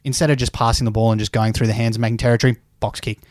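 An easygoing man hosting a rugby podcast, steering the conversation in a mid-pitched voice. The recording is close and dry. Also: level tone, racing, a little mellow, no echo. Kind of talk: casual sports chat.

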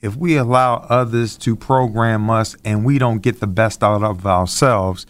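A man's voice: on the low side, steady tone, unhurried. A man co-hosting a call-in talk show, talking in an earnest, reflective and somewhat preachy way.

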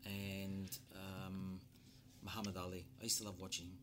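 A chef and restaurateur answers rapid-fire interview questions in short, easygoing replies. His voice is fairly low with a bright, forceful tone. A faint background noise sits behind him. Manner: relaxed, short easygoing answers, laughs easily.

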